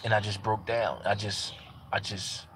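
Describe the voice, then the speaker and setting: A man's voice: fairly low pitch, level tone, measured pace, a bit bright, slight background noise. A man giving a casual personal testimony in an earnest way, repeating phrases for emphasis. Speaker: parent sharing a personal testimony.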